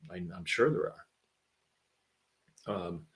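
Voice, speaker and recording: A man's voice: deep voice, takes it slowly. Folksy middle-aged man talking plainly. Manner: folksy, conversational, rambling with many fillers. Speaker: podcast host and farmer. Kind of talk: casual monologue.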